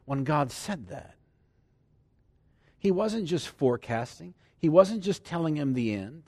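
A man preaching a sermon, his pitch leaping up and down in lively swings. He moves from loud emphasis to hushed near-whispers and laughs often between points. The sound is dry and close. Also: unhurried, dry recording.

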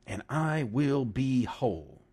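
A man preaching a sermon, animated and emphatic, with laughing asides and dramatic emphasis. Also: medium pitch, slow, husky.

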